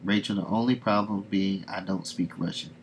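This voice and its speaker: A man reading a calm, wry professor. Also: sits low, normal speed, a little hiss or hum, close to an everyday voice, poor audio. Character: dry-humored male professor, calm and confident.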